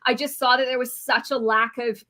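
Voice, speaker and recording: Bright-voiced Canadian woman guest. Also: a little high, steady tone, fairly quick. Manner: friendly, with frequent fillers like um and you know. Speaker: guest dietitian. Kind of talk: interview conversation.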